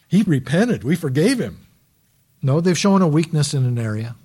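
A man's voice: fairly high pitch, sing-song, normal speed, warm tone, breathy edge. A pastor giving a sermon in a conversational preaching manner, often posing rhetorical questions to his listeners.

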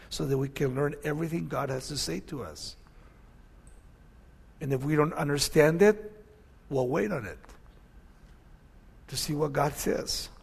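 A man's voice: a little high, gravelly, husky. Older man preaching with an accent. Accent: Spanish-accented English. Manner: conversational preaching, rising to emphatic questions. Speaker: pastor. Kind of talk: sermon.

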